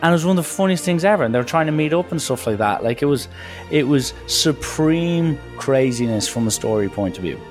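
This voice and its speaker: A man's voice: on the high side, fairly quick, faint music behind. A young man telling a casual, rambling anecdote and acting out the people in it. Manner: lively, jumps into quoted voices, rambling asides. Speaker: storyteller.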